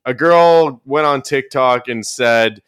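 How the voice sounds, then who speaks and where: Man, podcast host, casual chat, profane, animated storytelling, mid-pitched voice. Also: slow pace, clean tone. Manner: loose and profane, animated storytelling with bursts of emphasis. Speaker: podcast host and commentary YouTuber.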